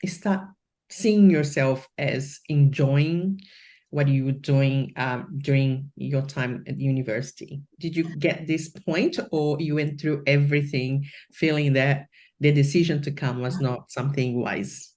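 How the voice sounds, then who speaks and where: Low-voiced host. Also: female voice, fairly even intonation. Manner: gentle, slightly halting questions with non-native grammar. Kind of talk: casual interview chat.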